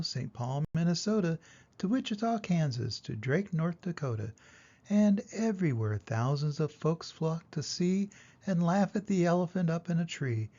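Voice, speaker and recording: Old grandpa reading a kids' story, sing-songy, voice swoops around, lo-fi sound. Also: male voice, fairly high pitch. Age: older. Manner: sing-song rhyming delivery, warm advice to a child. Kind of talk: storybook read-aloud. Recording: lo-fi dull recording.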